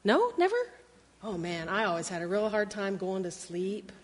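A woman teacher reading a picture book aloud to children in a classroom. She tells the story in an animated way and acts out the sound effects. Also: mid-range voice, normal speed, long reverb tail, slight background noise.

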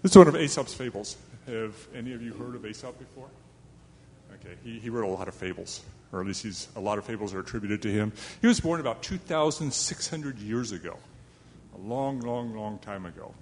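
A man's voice: on the low side, brisk, in a large hall, a little hiss or hum. A man telling a fable to a young live audience in a chatty, self-deprecating way, with asides to his listeners. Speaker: storyteller.

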